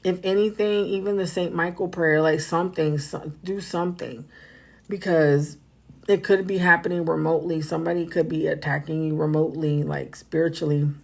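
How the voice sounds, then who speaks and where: A woman's voice: low-pitched, fairly even intonation, moderate pace, creaky, a little mellow. Woman spiritual reader, loose livestream chat, rambles and repeats, speaks to the viewers directly. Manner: rambling, repeats herself, talks to viewers as "y'all".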